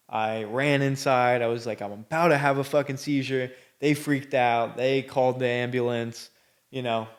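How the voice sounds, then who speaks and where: A man with a gravelly, creaky voice hosts a podcast and tells his own story. He talks bluntly and casually, drifting through fillers and swearing freely. His voice sits at an ordinary middle pitch. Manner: candid and blunt, with frequent swearing; loose, rambling delivery full of fillers. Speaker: podcast host. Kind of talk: personal storytelling.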